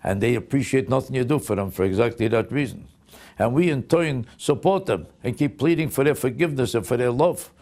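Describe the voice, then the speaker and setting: Gravelly older New man ranting. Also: medium pitch, brisk, a little mellow. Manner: indignant, incredulous rhetorical questions. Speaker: comedian. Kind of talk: stand-up style comic rant to camera.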